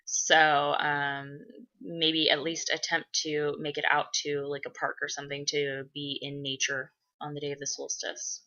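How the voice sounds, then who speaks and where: A woman vlogger rambles through viewer questions in a casual, profane way, with her speech full of fillers and sudden loud gushing. Her voice sits a little low but sounds bright and forceful. The recording is dull and lo-fi. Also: normal speed. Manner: bursts into loud excited gushing. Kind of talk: casual chat.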